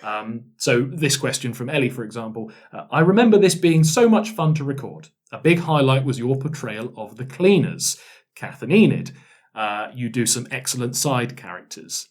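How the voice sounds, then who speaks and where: Male podcast host, casual and jokey, mid-pitched voice, loose conversational delivery full of small fillers. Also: very animated, normal speed. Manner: chatty, jokey, trails off into fillers. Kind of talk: casual chat reviewing a past season.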